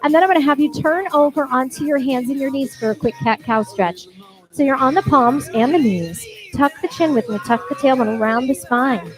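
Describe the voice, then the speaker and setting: Fairly quick and animated, a high-pitched woman runs a barre class, counting out reps and tossing in encouraging cues and bright whoops. Workout music sits behind her, and the audio quality is rough.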